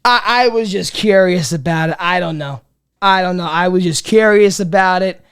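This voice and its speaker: New podcast comic, smooth clear voice, rambling profane rant. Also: medium pitch, moderate pace. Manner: profane, rambling, swings between loud bits and muttered asides. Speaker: comedy podcast host. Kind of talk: comedic rant.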